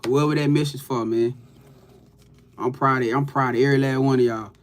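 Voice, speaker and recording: A man's voice: mid-range voice, steady tone, brisk. A man giving a loose, profane, hyped-up motivational pep talk to his viewers as a livestream host.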